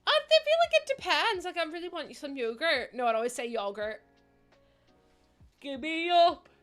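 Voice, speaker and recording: A woman's voice: high-pitched, expressive, brisk, fairly bright tone, soft background music. A young woman chatting casually to viewers on her livestream, sleepy, rambling and giggling often. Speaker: streamer.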